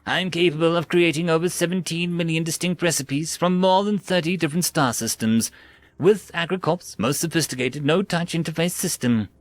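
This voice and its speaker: A man's voice: fairly high pitch, fairly quick, no echo, lightly acted. A man voicing a petty, smug male food dispenser machine with stiff, politely formal speech. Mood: prim.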